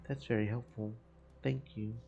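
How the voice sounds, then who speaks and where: A man voicing a calm, courteous minotaur investigator in a measured tone. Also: fairly low pitch, gravelly, highs cut off, soft background music.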